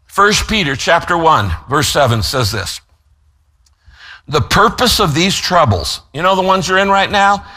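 Man, pastor, sermon, high voice, emphatic. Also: lively intonation, bright, forceful tone. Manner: emphatic, slows down to stress key phrases; gives note-taking instructions to listeners.

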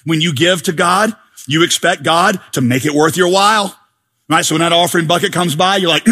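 Bright-toned male preacher, high voice, playful sermon delivery with acted-out voices. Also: brisk. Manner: animated, joking, acts out voices. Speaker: pastor.

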